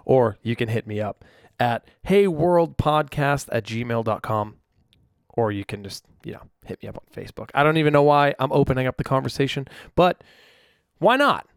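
Alone in his room, a young man hosts his own casual solo podcast, rambling and self-deprecating into a studio microphone. His medium-pitched voice is expressive and creaky, with a clean tone at a moderate pace, and the recording is clean with no echo.

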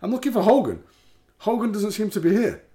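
A man's voice: sits high, expressive, a little fast, dark tone. Laughing man recapping wrestling. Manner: laughs often, reads out rankings. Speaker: podcast host. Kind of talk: casual chat and wrestling recap.

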